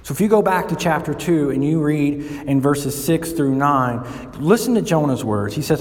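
A man preaching a sermon, turning lively and louder as he builds his points. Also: normal speed. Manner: animated, rising in pitch and volume when building a point. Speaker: pastor. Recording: echoey church hall with long reverb.

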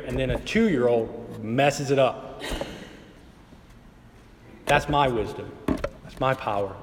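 A man in his thirties preaching a sermon, moving between quiet, conversational storytelling and emphatic passages. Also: medium pitch, takes it slowly, long pauses, slight background noise. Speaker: pastor. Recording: hall reverb with faint ambience.

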